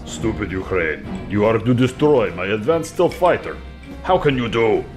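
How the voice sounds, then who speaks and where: A man's voice: fairly low pitch, big pitch swings, moderate pace. A man voicing a boastful, sulking male Russia countryball in broken English with a put-on Russian accent, in a cartoon with music behind. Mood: indignant.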